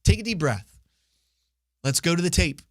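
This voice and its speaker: A man's voice: fairly high pitch, animated, normal speed, no room sound, studio quality. A young man hosting his own podcast, giving opinionated solo news commentary with many "uh" fillers. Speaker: podcast host.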